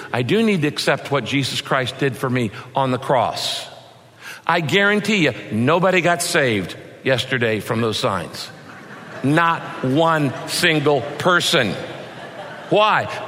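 Middle-aged male pastor, bright and forceful, folksy sermon delivery, big-hall reverb. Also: a little high. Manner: folksy, emphatic preaching with rhetorical questions. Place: large church auditorium.

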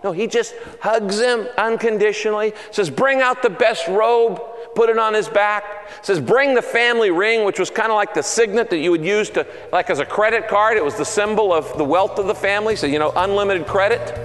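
A man preaching a sermon as a pastor, telling stories with animated delivery and acting out the voices he quotes. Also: high-pitched, a little fast, hardly any pauses. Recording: long hall reverb.

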